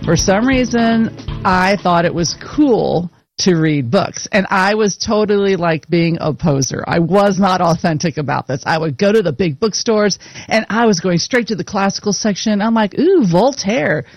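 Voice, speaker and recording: A woman's voice: lowish voice, lively intonation, moderate pace, dry recording, faint music behind, poor audio. Woman podcast co-host, chatty storyteller who laughs often, dry close sound. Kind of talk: casual chat.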